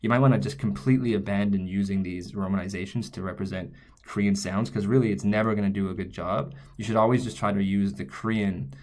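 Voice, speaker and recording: With a quick pace and a lowish, slightly mellow voice, this male language teacher walks through a lesson while writing on screen. His tone stays steady as he thinks aloud and frequently corrects himself.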